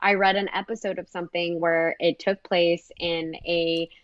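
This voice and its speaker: A woman co-hosting a podcast, chatting casually and animatedly, laughing and jumping into high exclamations. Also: flat delivery, moderate pace, lo-fi sound. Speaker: podcast co-host.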